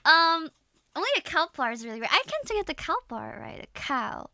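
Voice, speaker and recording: Bright, gravelly young Dutch woman streaming. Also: high-pitched, big pitch swings, normal speed, no room sound, clean studio sound. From Netherlands. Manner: rambling, giggly, many filler words. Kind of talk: casual live-stream chat.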